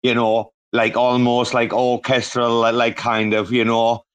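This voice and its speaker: A man chatting as a guest on a podcast, rambling with lots of restarts and growing excitement. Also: mid-range voice, unhurried, clean tone. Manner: rambling and enthusiastic, many restarts. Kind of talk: casual podcast chat.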